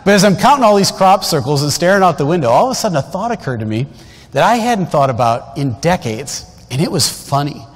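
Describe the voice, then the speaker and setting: His voice is a little high and a little fast, with a sing-song lilt and a breathy edge. The fifty-something guest preacher gives a folksy, story-driven sermon full of asides to the congregation, echoing with long reverb through a large church.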